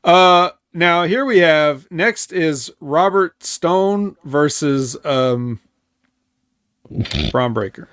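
A man hosting a casual wrestling review podcast, walking through matches in a hesitant, stop-start way. His voice sits a little high. The recording is dry and close. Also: lively intonation, extremely slow, a bit bright, clean tone, dry recording. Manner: hesitant, many ums, recapping. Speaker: podcast host.

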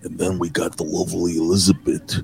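A man co-hosting a casual podcast, joking loudly and giving shout-outs to viewers in the chat. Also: low-pitched, level tone, brisk, vocal fry. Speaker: co-host.

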